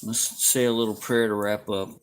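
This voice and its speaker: A man's voice: lowish voice, level tone, normal speed, a little hiss or hum, poor audio. A man in his fifties hosting a livestream, chatting casually with his viewers in a laid-back, folksy way with frequent chuckles. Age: 50s. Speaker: livestream host.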